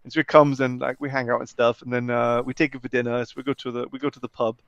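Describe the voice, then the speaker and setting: A man guesting on a video call, telling a story in a casual, animated way and putting on voices for the people he quotes. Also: medium pitch, fast talker, creaky, no echo, lo-fi sound. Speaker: interview guest.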